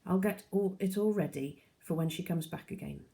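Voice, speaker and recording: Hushed worried dad from a storybook read by a woman, low and gravelly. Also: normal speed. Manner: hushed, reassuring. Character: worried, quiet father.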